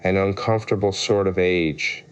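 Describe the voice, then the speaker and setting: A man's voice: low voice, fairly even intonation, smooth, dull audio, lightly acted. A man voicing a pompous, touchy egg-shaped figure who argues loftily and takes offence easily. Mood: lofty. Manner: lofty, argumentative, quick to take offence.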